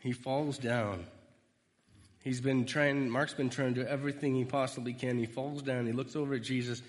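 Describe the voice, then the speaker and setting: A man giving a conversational storytelling sermon, animated and retelling scenes. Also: mid-range voice, normal speed. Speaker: preacher. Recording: reverberant hall.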